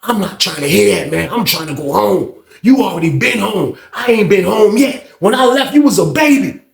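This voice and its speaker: A man's voice: on the high side, brisk, vocal fry, roomy sound, recorded from a distance. A man voicing a stern older man who is fed up and keeps repeating himself firmly. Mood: exasperated. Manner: firm, repetitive pleading.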